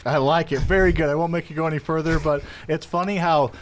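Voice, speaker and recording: A man's voice: on the high side, steady tone, fast, slight background noise. A man hosting a live show, chatting casually with jokes and lots of fillers. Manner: joking, rambling with many fillers. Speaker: show host.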